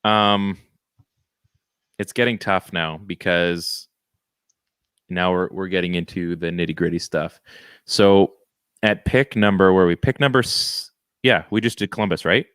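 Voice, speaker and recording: A man co-hosting a podcast, chatting casually about hockey picks with relaxed joking asides. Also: low voice, unhurried, pauses often, clear, resonant tone, no room sound, clean studio sound. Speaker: podcast co-host. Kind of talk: casual hockey draft chat.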